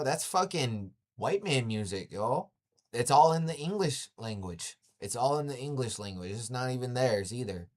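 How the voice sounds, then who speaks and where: Profane man ranting to live chat. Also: lowish voice. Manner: blunt and profane, says "yo" again and again; repeats himself for emphasis. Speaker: livestreamer. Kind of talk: casual rant to live chat.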